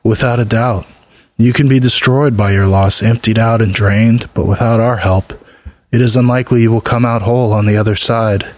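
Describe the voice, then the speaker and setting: A man voicing a calm, sorrowful goddess of grief who speaks in a measured, matter-of-fact way. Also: fairly low pitch, no room sound, natural voice.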